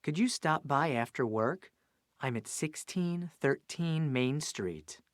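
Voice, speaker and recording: A woman's voice: low voice, animated, slow pace, no room sound, studio quality. An actress playing an ordinary woman who patiently corrects a misheard number in a short lesson dialogue. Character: ordinary adult woman giving her address. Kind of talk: scripted dialogue for a language lesson.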